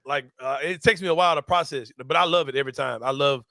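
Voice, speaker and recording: A young man hosting a casual sports talk show, telling stories loudly, laughing often and swearing freely. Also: a little high, quick pace, gravelly, no echo, studio quality. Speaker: host.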